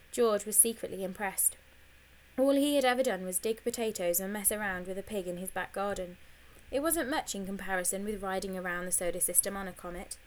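A woman narrating a children's audiobook, reading in a clear, expressive storytelling voice. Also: mid-range voice, poor audio. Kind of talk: scripted narration.

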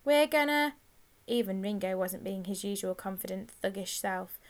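A woman narrating a children's audiobook in a clear, measured reading. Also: medium pitch, completely flat delivery, a little mellow. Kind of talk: scripted storybook narration.

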